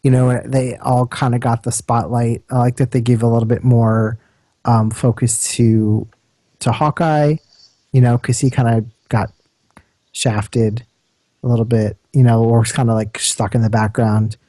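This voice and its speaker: Warm-toned male co-host, halting filler-heavy delivery, dry close sound. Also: mid-range voice, flat delivery, no room sound. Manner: hesitant, lots of fillers. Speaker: podcast co-host. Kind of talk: casual chat, movie review.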